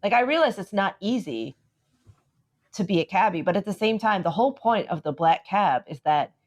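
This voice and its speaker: A woman co-hosting a podcast, chatting casually and telling an animated story, acting out the dialogue and saying "like" often. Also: medium pitch, normal speed. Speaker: podcast co-host. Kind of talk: casual chat.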